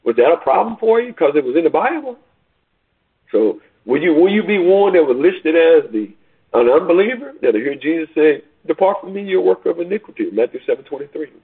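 A man's voice: on the high side, very animated, a little fast, breathy edge. A man preaching a sermon, repeating himself and building to rising, urgent questions. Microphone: phone call line. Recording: tinny phone line.

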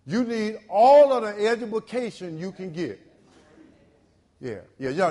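A male pastor, preaching a sermon in call-and-response style. He repeats phrases and swings from loud to low. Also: big pitch swings, measured pace, long pauses, in a large hall.

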